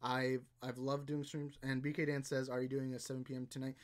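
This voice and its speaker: A man's voice: mid-range voice, flat delivery, a little fast. A young man casually chatting on a livestream, rambling and reading viewer comments aloud. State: out of breath. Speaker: livestream host.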